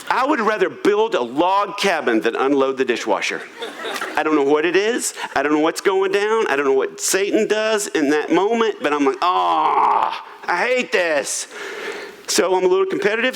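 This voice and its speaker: Male pastor, sermon, slightly high voice, animated pitch, joking, conversational. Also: a little fast, rough recording. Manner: humorous, conversational, self-deprecating. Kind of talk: sermon on marriage. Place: church auditorium.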